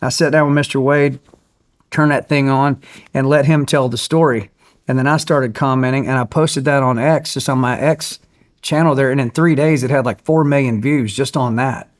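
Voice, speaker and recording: A man, a guest in an interview, telling a story with energy and acting out other people's voices. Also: mid-range voice. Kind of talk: animated storytelling.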